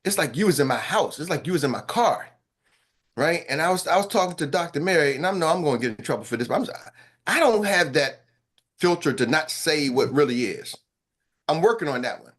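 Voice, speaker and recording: A man hosting a morning sales-training call as coach, talking in an animated, hyped and slangy way with quick asides. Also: a little high. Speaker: sales coach and show host. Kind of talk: energetic motivational team talk.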